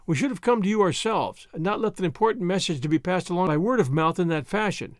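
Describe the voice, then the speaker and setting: A man reading an audiobook, voicing a shrewd, practical middle-aged woman who speaks brisk and matter-of-fact. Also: sits high, lively intonation, no echo, studio quality. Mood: resigned.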